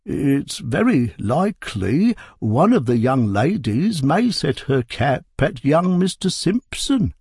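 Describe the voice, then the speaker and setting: Man playing a meek henpecked husband, hesitant, slow, lively pitch. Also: husky, no room sound, clean studio sound, heavily acted. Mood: timid. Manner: hesitant, modest.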